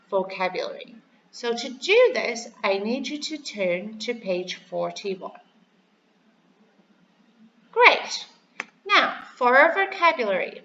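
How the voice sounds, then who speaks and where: A woman teacher slowly giving a review lesson to young pupils, spelling each word letter by letter and asking them to repeat. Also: fairly high pitch, a bit bright, dull audio, a little hiss or hum. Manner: slow, clearly spelled out, letter by letter; encouraging, asks to repeat words. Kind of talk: recorded classroom review lesson. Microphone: computer microphone over slides.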